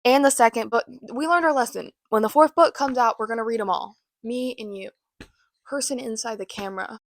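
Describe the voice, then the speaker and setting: A woman with a fairly high voice rambles through a casual book recap as host. Her talk is chatty and full of self-mocking asides. The sound is dry and close. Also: normal speed, no room sound.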